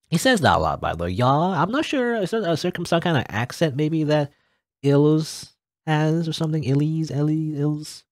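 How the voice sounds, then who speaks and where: A man's voice: on the high side, very animated, normal speed, no echo. A man hosting a let's play, reading game dialogue aloud and adding joking asides. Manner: joking asides between read-out lines.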